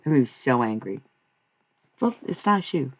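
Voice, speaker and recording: Her voice rumbles low and sounds very animated at a normal pace, with a faint hiss or hum in the background. This young woman, a streamer and tarot reader, rambles bluntly and profanely to her live viewers, flipping from ranting to laughing.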